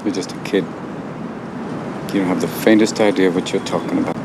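A stern older mentor, deep-voiced. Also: male voice, fairly even intonation, brisk. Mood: scolding. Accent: Boston. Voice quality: stern, lecturing. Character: gruff older male mentor scolding a youth. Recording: film clip with clear background noise.

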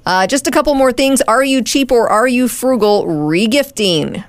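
A woman's voice: fairly high pitch, expressive, moderate pace, no echo. A woman co-hosting a radio show, chatting in an opinionated way and laughing with her co-host. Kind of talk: bantering radio show talk.

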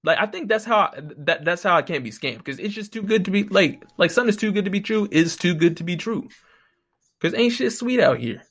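Podcast guy venting, swearing a lot, kinda high voice, right up on the mic. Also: a little fast, slightly rough. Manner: profane, exasperated, animated storytelling with mocking quoted voices. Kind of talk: casual solo rant. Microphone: close to the microphone.

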